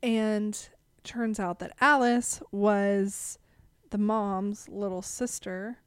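Smooth-voiced young woman, dry sound. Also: medium pitch, fairly even intonation, no echo. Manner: halting, restarts sentences while retelling a plot. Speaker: podcast co-host. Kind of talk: casual chat.

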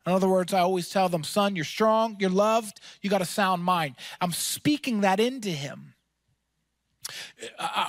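A man preaching a sermon as pastor, energetic and emphatic, with casual fillers and quick asides. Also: high-pitched, no echo.

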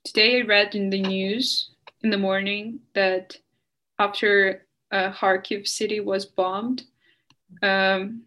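A woman's voice: medium pitch, fairly bright tone. Impassioned young woman. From Ukraine. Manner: earnest, impassioned, halting with restarts. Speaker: guest. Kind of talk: emotional interview answer.

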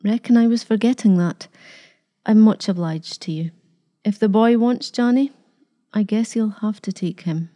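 A woman's voice: medium pitch, normal speed, mellow, natural voice. A woman voicing a proud, fiercely loving old grandmother who talks defiantly, her voice trembling as she pleads. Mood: resigned.

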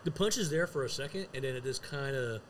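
A man's voice: medium pitch, fast, a bit bright, slight background noise. A man co-hosting a podcast, chatting casually and rambling with many restarts. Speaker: podcast co-host. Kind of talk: casual chat.

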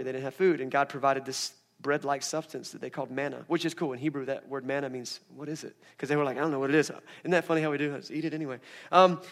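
A young adult man preaching a sermon as pastor, playful and animated, acting out scripture scenes in voices. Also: on the high side.

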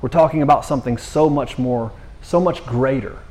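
Male preacher, mid-pitched, talks Scripture like casual chat, slangy with frequent restarts. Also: normal speed, darkish tone. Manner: slangy, conversational, restarts often. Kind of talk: casual sermon.

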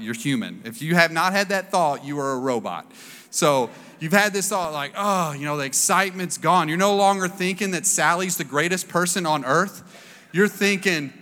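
A man's voice: fairly high pitch, normal speed, bright, forceful tone. A man in his thirties preaching a sermon in a casual, storytelling way, acting out the voices he quotes. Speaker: pastor. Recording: long reverb of a large hall.

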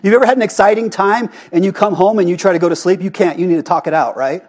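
A man with a notably high voice delivers a sermon in a church. He keeps it conversational and animated, often pausing to ask the congregation questions. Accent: Arizona. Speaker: pastor. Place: church sanctuary.

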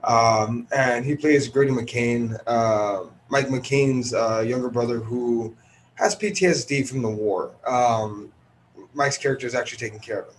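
A man's voice: medium pitch, fairly even intonation, unhurried, a little hiss or hum. Tired chatty man reviewing a movie. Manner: chatty, loose, many ums and restarts. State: tired, early morning. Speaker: podcast host reviewing movies. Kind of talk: casual solo movie review. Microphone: headphone podcast recording.

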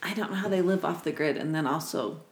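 A woman co-host chats in a wry, giggly way as she passes along a secondhand story. Her voice sits a little low, and the recording carries a roomy echo. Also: fast, a crowd in the background. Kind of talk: casual chat.

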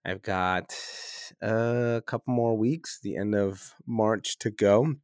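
A man in his thirties hosting a casual podcast from a hotel room, chatty and loose, laughing at himself and clearing a slightly stuffy throat. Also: fairly low pitch, fairly even intonation, slow pace, a little mellow, no echo, studio quality. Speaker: podcast host. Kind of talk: casual rambling podcast monologue.

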